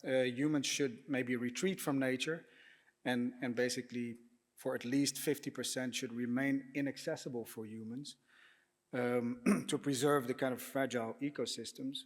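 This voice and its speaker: Man giving a halting prepared talk in an echoey hall. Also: mid-range voice, steady tone. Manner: measured, with frequent hesitations and throat clearing. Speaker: panel speaker, architect. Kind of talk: prepared talk at a public panel.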